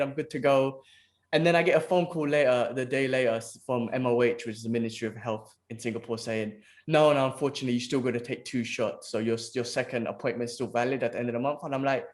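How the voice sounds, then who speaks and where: A man, co-hosting a podcast in casual chat, telling stories animatedly and swearing freely. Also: medium pitch. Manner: animated storyteller, swears casually, says "bro" a lot. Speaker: podcast co-host.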